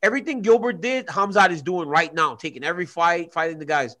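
Animated joking man, fairly high. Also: fast talker. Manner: animated, joking, repeats himself. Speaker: co-host. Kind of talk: casual sports chat. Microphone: video call.

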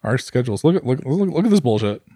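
A man's voice: medium pitch, sing-song, quick pace, warm tone, slightly rough, dry recording. Blunt, laid-back male podcast co-host. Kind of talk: casual podcast chat.

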